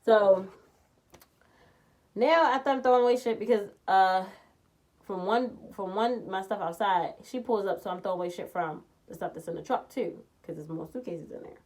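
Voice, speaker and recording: Blunt, profane woman telling a story. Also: moderate pace. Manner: swings between loud outbursts and low muttering. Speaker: vlogger telling a personal story. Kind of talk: casual storytime vlog.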